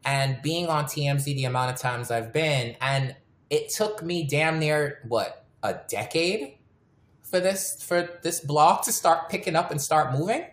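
Low-voiced woman chatting candidly. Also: a little slow, roomy sound. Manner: candid, storytelling, swears freely. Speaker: podcast host. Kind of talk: casual podcast chat.

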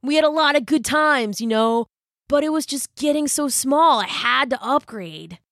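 A chill, easygoing young male hermit crab from a children's storybook, as a woman reads him, drawling his words like a surfer dude. The voice sits a little lower than her own, in a dry, close sound. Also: lively intonation, moderate pace, fairly bright tone, no room sound. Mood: apologetic. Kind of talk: storybook reading.

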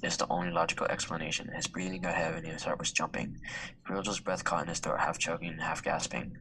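Low flat guy half whispering a story read-aloud, sharp tone, faint noise behind. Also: fairly quick, rough recording. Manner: hushed, half-whispered reading. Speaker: student reader.

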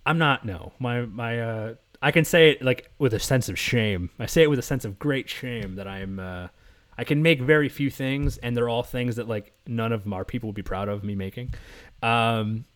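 A man's voice: medium pitch, normal speed, fairly bright tone. East Coast man hosting a podcast, teasing and jokey, laughs a lot, loose chat. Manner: joking, teasing, laughs often. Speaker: podcast host. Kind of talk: casual chat.

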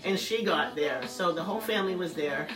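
A woman's voice: expressive, a little fast, roomy sound, a crowd in the background, rough recording. A middle-aged woman telling a personal story in a casual interview, chatty and acting out the voices of the people she quotes. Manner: chatty, acts out quoted voices with rising pitch and laughter. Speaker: guest sharing a personal story.

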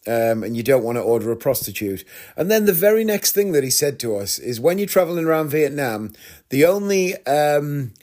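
A man with an English accent, a magician and podcast host, telling comic stories in a wry, deadpan way. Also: mid-range voice. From England. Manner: wry, deadpan storytelling with frequent laughs. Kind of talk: comic storytelling monologue.

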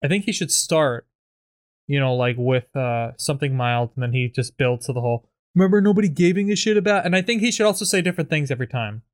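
A man's voice: medium pitch, expressive, a little fast. A man in casual chat about a comedy sketch, rambling with many filler words and acting out lines. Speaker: comedy writing partner.

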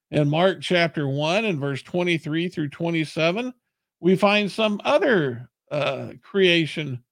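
A man's voice: on the high side, vocal fry, dry recording. A man preaching a sermon in an earnest, plain-spoken way.

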